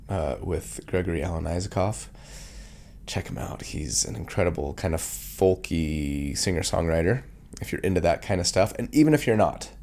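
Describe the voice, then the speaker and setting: A low, gravelly man talks casually to his viewers while nursing a cold, and his voice is turning hoarse. His tone is dark and mellow, and he rambles in a chatty way with warm thanks for his audience. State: has a cold, voice going hoarse. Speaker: YouTube host of a tabletop game channel. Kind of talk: casual chat to camera.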